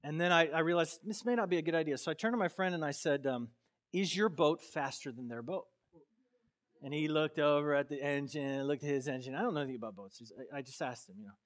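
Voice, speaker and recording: High-pitched impassioned preacher man. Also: fast talker. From Florida. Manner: impassioned, swings from quiet to loud; casual storytelling with fillers. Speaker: pastor. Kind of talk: sermon.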